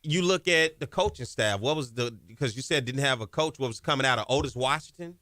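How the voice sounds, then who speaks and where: A man hosting a sports talk radio show, energetic and conversational as he interviews a guest. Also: mid-range voice, dry recording, studio quality. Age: 30s. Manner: energetic, conversational, drawn-out questions. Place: radio studio.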